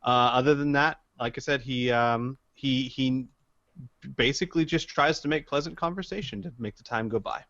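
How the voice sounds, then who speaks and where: A man's voice: medium pitch, moderate pace, fairly bright tone, muffled recording. A man running a casual tabletop role-play as game master, easygoing and narrating in character.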